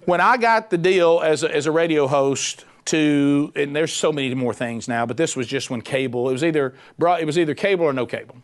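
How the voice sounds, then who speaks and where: Middle-aged male preacher, rather high voice, animated and chatty sermon delivery. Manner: animated, conversational, punchy repetition. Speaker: preacher, former radio host.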